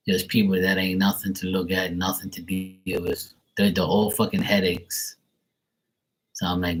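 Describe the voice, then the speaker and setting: Deep-voiced man ranting bluntly. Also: poor audio. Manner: blunt, profane, ranting with chuckles. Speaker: livestream tarot reader. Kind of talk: casual livestream chat.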